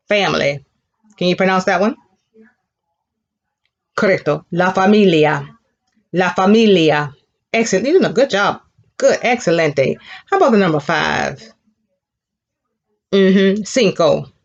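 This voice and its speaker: A woman's voice: fairly low pitch, highs cut off. A woman teaching a children's Spanish class, patiently modeling words for the class to repeat and praising them. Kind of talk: elementary Spanish lesson.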